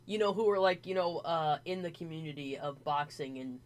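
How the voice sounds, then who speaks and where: A woman hosting a casual podcast chat, animated and swearing freely with lots of fillers. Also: low-pitched, a little fast. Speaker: podcast host.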